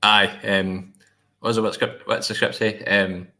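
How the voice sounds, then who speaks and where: Guy on a podcast, low voice but really bright and crisp, laid-back joking. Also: measured pace. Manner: relaxed, joking. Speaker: podcast co-host. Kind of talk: casual chat.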